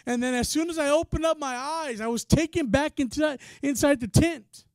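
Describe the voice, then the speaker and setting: A male preacher with a strikingly high voice delivers a passionate, casual sermon, dropping to near-whispers and rising to shouts. The sound is close and dry, with almost no room echo. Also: a little fast. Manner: passionate, swings from quiet to shouting; casual, says "man" often.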